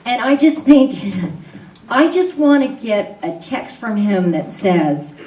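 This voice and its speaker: She speaks slowly in a mellow voice on the high side, with big pitch swings. She's on stage at an arts venue as storyteller and event host, telling a personal story live in a candid, conversational manner with frequent fillers. Her voice is distant amid roomy hall sound.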